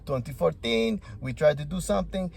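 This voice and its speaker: An exasperated foreign leader pressing his case, voice lifted and insistent, as a man puts him on. He fires off rhetorical questions with a gravelly edge underneath. It comes across as a casual impression inside a commentary video. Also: fairly high pitch, animated, normal speed, darkish tone.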